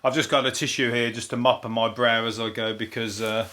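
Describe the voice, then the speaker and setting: A man with a Brummie accent hosting a topical comedy podcast, rambling through the news in a dry deadpan way with plenty of swearing and filler words. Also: mid-range voice, a little fast. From England.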